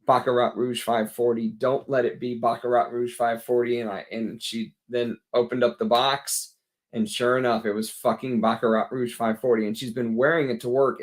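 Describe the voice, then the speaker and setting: A man with a Texas accent hosts a casual fragrance livestream, tired after a long workday. His voice is mid-range and a little mellow, and he chats bluntly while answering viewers' comments.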